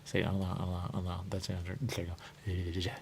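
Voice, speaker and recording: A deep, gravelly male voice drifts through a loose, circling monologue, with a faint hiss of noise behind it. He repeats the same phrases over and over and slips into sing-song murmurs between thoughts. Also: monotone, fairly quick, a little mellow. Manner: rambling and repetitive, keeps saying "there you go". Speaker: radio show host. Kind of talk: rambling spoken monologue.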